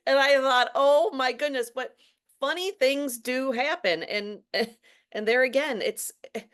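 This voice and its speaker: A woman's voice: sits high, unhurried, fairly bright tone. A woman hosting a casual interview. She talks in a chatty way, often stammering and restarting her sentences. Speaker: host.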